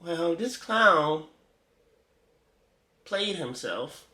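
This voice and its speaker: A man's voice: fairly high pitch, expressive, very slow, sharp tone. A man hosting a reaction video, giving casual, joking, slang-filled commentary.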